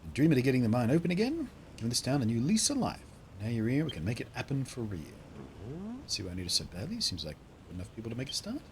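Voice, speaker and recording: A man's voice: medium pitch, wildly swooping pitch, fast, slight background noise. A man voicing a hopeful young woman from a game who wants to revive a mining town, speaking in an eager, pleading way.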